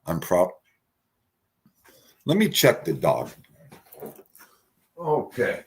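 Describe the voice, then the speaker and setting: An older man hosting a livestream in casual, rambling, profane chat, his volume swinging from mutters to shouts. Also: sits low, huge pitch swings, extremely slow, slight background noise. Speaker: livestream host.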